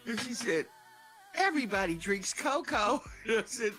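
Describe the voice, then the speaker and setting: A woman casually telling an animated, profane story. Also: on the high side, moderate pace, faint music behind.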